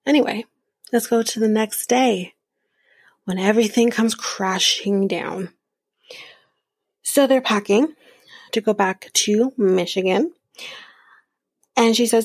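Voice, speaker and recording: Woman podcast host, snarky recap, husky voice, slow delivery, dry close mic. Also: medium pitch, no room sound. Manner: snarky, swears, laughs often, acts out quotes. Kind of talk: casual recap chat.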